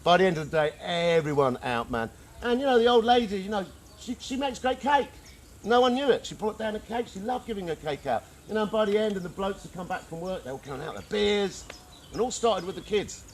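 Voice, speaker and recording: A man giving an informal talk to a group, animated and slangy, often calling people man and dude. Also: high-pitched, fairly quick, a little hiss or hum. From England. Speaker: workshop speaker. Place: outdoor gathering in the countryside.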